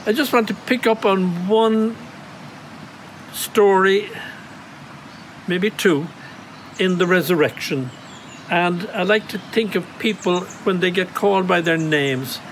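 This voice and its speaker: An Irish priest giving a reflective homily outdoors at a grotto, telling stories in a gentle, conversational way. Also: male voice, high-pitched, slow, long pauses, a little hiss or hum, rough recording. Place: outdoor grotto on monastery grounds.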